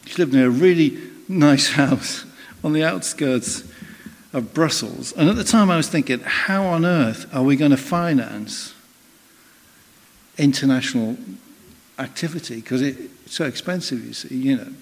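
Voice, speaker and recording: A man's voice: mid-range voice, animated, normal speed. A man preaching a sermon in a conversational, storytelling way, acting out the voices of people in his stories. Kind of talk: sermon with personal anecdote. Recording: long reverb of a hall.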